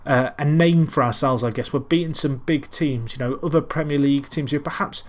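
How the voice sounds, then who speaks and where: A man's voice: fairly high pitch, fairly quick. A man casually commentating on his football management game, rambling and self-deprecating while calling the match like a commentator. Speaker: gaming commentator. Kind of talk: casual Let's Play commentary.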